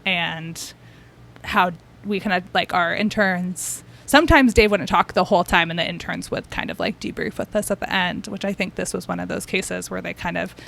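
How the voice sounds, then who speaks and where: Gravelly-voiced woman telling her story. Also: lowish voice, normal speed, fairly bright tone. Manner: chatty, many fillers and restarts. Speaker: podcast guest, therapist. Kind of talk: casual conversational storytelling.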